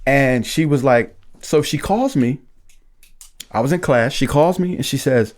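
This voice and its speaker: A man sharing his recovery story in casual conversation, lively and acting out the voices of the people in it. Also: medium pitch, measured pace.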